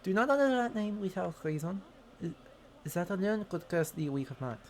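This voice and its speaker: A man voicing a vain, flamboyant male swordsman prophet in a deliberately awful fake French accent, reading with mock grandeur. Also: sits high, lively intonation. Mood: haughty. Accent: exaggerated fake French. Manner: theatrical, mock-grand reading of game lines.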